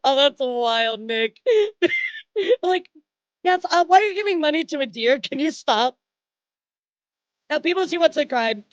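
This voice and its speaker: A young woman streaming live, excitedly thanking viewers, laughing often and swearing. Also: high voice, unhurried, pauses often, no echo, muffled recording.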